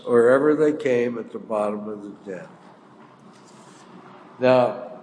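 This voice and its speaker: A man's voice: mid-range voice, darkish tone. An older man preaching a sermon, telling a story in a folksy, plain-spoken way. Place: church hall. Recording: echoey hall, faint room noise.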